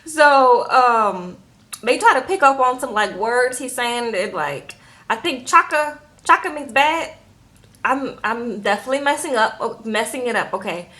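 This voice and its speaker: Sassy, animated woman recapping a show. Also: on the high side, measured pace. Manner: animated, sassy, acts out quotes in voices, says "okay?" a lot. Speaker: reality TV recap vlogger. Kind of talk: casual chatty recap.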